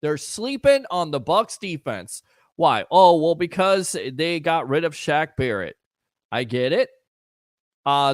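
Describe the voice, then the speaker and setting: A man's voice: on the high side, no echo, clean studio sound. A man hosting a casual sports talk show, riffing sarcastically and chatting with listeners.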